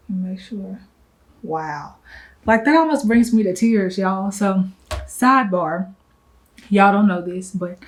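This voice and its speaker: Young woman vlogging about her business, talks fast and kinda breathless, rambles off on tangents, says y'all a lot. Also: mid-range voice, rough recording. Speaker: travel agent business owner. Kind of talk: casual vlog talk to camera.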